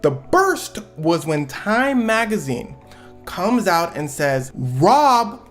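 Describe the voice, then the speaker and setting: Man from the US for a comedic story recap channel, lively and slangy, hops into voices for the people he quotes, faint backing music. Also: high voice, slow. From United States. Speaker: YouTube storyteller and reviewer.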